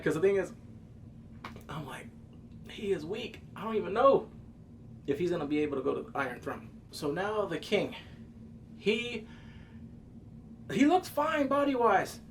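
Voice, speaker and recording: A man recapping a TV episode with animated, profane energy, his voice sitting a touch high for a man. He leaps into loud exclamations and quick mimicked asides. A faint ambient hum sits behind him. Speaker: TV episode reviewer. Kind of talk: excited casual recap commentary.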